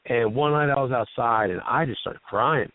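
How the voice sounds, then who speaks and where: A man's voice: medium pitch, normal speed, phone-quality sound, a little hiss or hum. A man hosting casual radio talk, telling stories in an earnest, emotional, heartfelt way. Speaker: host.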